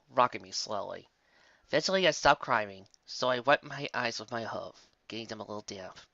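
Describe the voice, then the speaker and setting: A woman reading a fan story aloud with expressive storybook narration. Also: rumbling low, no room sound, highs cut off. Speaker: story reader.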